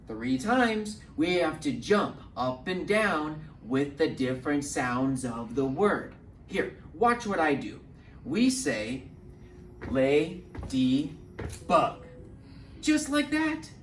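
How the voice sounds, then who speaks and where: A man hosts a children's storytime, his voice swooping up and down with lively encouragement as he takes it slow for the little ones. He sounds a bit distant in a roomy space, with a faint hum underneath. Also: a little high. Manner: animated, encouraging, speaks slowly to little ones. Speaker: children's librarian.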